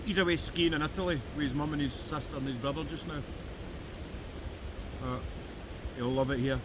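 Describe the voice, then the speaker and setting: Filming his metal-detecting vlog in the woods by a river, a Scottish man keeps up a joking commentary at a moderate pace. His pitch sits on the high side with fairly even intonation. A flowing river makes the outdoor recording noisy.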